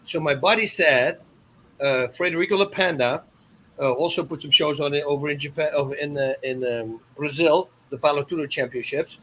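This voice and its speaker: A man in his fifties from the Netherlands with a Dutch accent, a podcast guest telling animated stories with loud exclamations. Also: a little high, brisk, slight background noise, low-quality recording. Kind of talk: casual storytelling.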